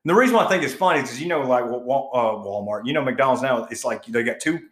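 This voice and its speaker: Recorded in a room with plenty of echo, this man co-hosts a podcast and spins a long, meandering tale, swearing and laughing throughout. He talks fast in a medium-pitched, slightly bright voice, keeping the chat casual.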